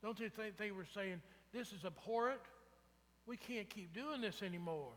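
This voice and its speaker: Preaching at a normal pace, a pastor with a high, fairly bright voice keeps his sermon conversational and often asks the congregation "right?" The sound echoes through the church sanctuary.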